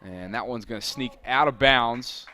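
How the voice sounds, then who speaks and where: A man doing live play-by-play commentary for a college soccer broadcast, steady between plays and rising to shouted calls on big moments. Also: mid-range voice, unhurried.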